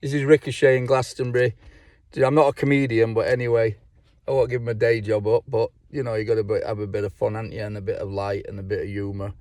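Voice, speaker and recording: A man's voice: fairly low pitch, level tone, fast, darkish tone, no room sound. Rambling, swearing man. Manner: rambling, swears a lot, laughs at his own jokes. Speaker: vlogger. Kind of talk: casual joke-telling to camera.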